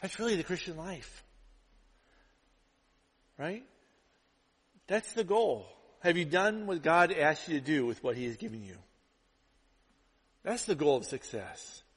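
A male pastor preaching a sermon, telling stories with lively acted-out quotes. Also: fairly high pitch, unhurried, pauses often, breathy edge. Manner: animated storytelling, acts out quotes. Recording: long hall reverb.

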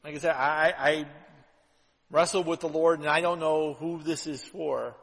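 A pastor delivering a conversational sermon, full of "right?" asides, swinging between loud and hushed. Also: male voice, fairly high pitch, steady tone, measured pace, creaky, big-room sound, rough recording.

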